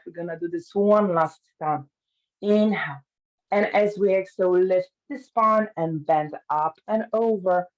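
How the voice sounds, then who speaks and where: A woman teaching an online pilates class, calmly cueing each movement step by step. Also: medium pitch, muffled recording. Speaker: pilates instructor. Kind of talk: guiding an online fitness class.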